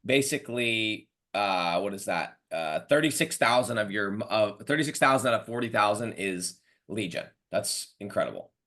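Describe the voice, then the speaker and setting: A man hosting a casual podcast interview, talking in an animated, slangy way and calling his guest dude and bro. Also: fairly low pitch, moderate pace, few pauses. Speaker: podcast host and mentor.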